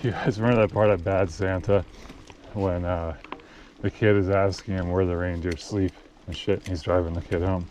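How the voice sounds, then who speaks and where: Rambling low-voiced male trail rider, loose and profane, with a helmet-cam sound. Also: steady tone, moderate pace, background noise. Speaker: mountain biker. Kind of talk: casual chat while riding. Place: outdoors on a forest trail.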